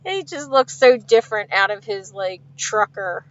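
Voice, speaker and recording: A woman's voice: mid-range voice, expressive, moderate pace, lo-fi sound. A woman truck driver chatting casually on a live stream from her truck cab, laughing often and reading viewer comments aloud. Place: inside a truck cab with refrigeration unit running. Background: refrigeration unit hum.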